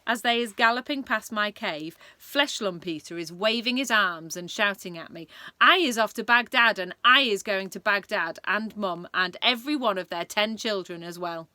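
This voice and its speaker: A woman voicing a big, gentle male giant who talks with muddled grammar in a storybook reading. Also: medium pitch, normal speed, dry recording, natural voice. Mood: earnest. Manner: folksy, ungrammatical speech.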